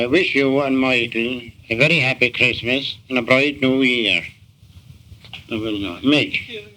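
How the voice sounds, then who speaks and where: A man with a mid-pitched, very bright voice records a message home. His phrasing is formal and letter-like, and he lists greetings in an orderly way. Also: poor audio. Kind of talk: recorded spoken message to family.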